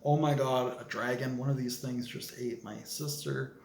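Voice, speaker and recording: A man's voice: medium pitch, flat delivery, moderate pace, vocal fry, close to an everyday voice. A man voicing a timid young girl in a panic, speaking hurriedly in an echoey room. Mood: panicked.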